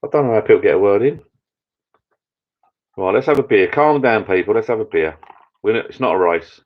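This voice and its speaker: A middle-aged man hosting a casual live chat with viewers from his backyard pub shed, rambling and getting easily excited. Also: fairly low pitch, brisk. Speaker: channel host. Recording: dull lo-fi sound.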